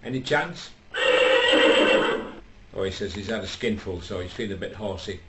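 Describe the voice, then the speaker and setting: A man's voice: fairly low pitch, animated, moderate pace. A man telling a comic tale in a rambling, chatty way, full of fillers. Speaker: comic storyteller. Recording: roomy echo, faint background noise.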